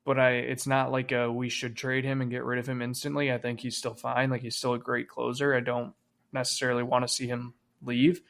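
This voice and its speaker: A man's voice: mid-range voice, little pitch movement, brisk, creaky, a bit bright. A man co-hosting a podcast, talking casually about sports, swearing freely and trailing off with fillers. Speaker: podcast co-host.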